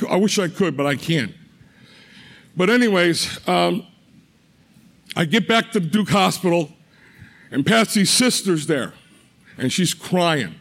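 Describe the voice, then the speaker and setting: A middle-aged man with a notably high voice shares a personal faith testimony. He speaks earnestly and haltingly, circling back on words and restarting phrases as he tells his story.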